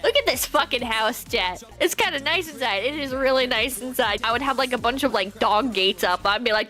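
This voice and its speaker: A woman streamer rambling through casual commentary, joking and swearing freely. Her voice sits high and sounds very bright, with faint music playing behind her. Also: animated, a little fast, hardly any pauses. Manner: profane, rambling, jokey.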